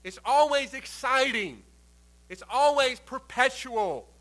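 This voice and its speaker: Male preacher, high and bright, emphatic sermon delivery with soft falling phrase ends. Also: slow pace, low-quality recording. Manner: emphatic, rising to loud stresses and dropping to quiet phrase endings.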